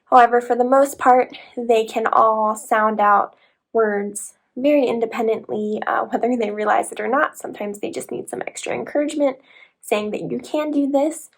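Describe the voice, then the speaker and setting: A woman's voice: a little high, fairly even intonation, moderate pace. A woman kindergarten teacher explaining to parents how to help children sound out words syllable by syllable. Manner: explanatory, breaking words into parts.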